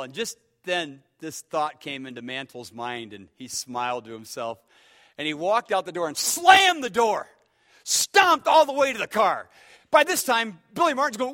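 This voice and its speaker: High, bright-voiced preacher man. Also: moderate pace. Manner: animated storyteller, swings between hushed and shouting. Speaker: pastor. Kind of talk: sermon.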